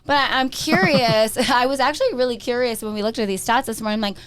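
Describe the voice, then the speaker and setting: A woman's voice: on the high side, quick pace, a bit bright, clean tone. An Arizona-born woman co-hosting a casual real estate market chat, joking and restarting her sentences. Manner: chatty, joking, trails off and restarts.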